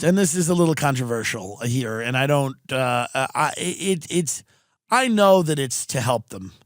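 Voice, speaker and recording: A man's voice: mid-range voice, no echo, clean studio sound. A man hosting a podcast, telling comedic stories with profanity and acting out the people he quotes. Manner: animated, profane, mimics people in quoted voices. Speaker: podcast host. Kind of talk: comedic storytelling chat. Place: Southern California.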